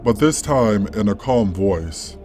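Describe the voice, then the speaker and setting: A man calmly reading a first-person story as a scripted narration. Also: lowish voice, slow. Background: faint background music.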